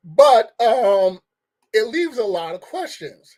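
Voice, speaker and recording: A man's voice: sits high, big pitch swings, slow, darkish tone. A man giving a casual, rambling movie review rant, firing off questions with restarts and short laughs. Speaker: film reviewer.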